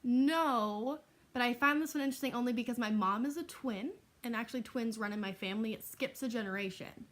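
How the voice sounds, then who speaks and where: Young woman, casual Q&A vlogger, chatty and a little higher-pitched, lots of "um" and "like". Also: moderate pace, sharp tone. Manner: chatty, laughing, with frequent "um" and "like". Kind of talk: casual Q&A vlog.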